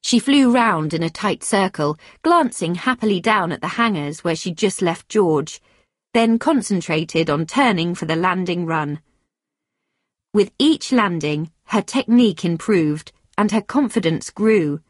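A woman reading a story aloud in a steady, clear storytelling manner. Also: on the low side, a little slow, no echo, studio quality. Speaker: narrator.

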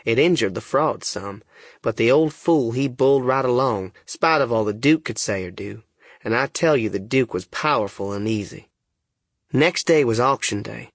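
A man's voice: mid-range voice, lively intonation, moderate pace, husky, no room sound, clean studio sound. A man narrating a first-person story in a plain, folksy dialect, as an audiobook reader.

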